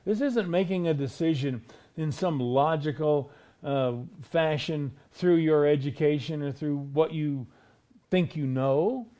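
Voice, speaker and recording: Emphatic preaching man, fairly high voice. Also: dark tone. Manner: emphatic, rhetorical questions, drawn-out slow stresses. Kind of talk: sermon.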